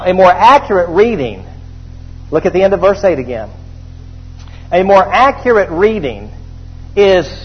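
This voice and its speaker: Male pastor, high husky voice, emphatic call-and-response preaching, lo-fi church recording. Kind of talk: sermon.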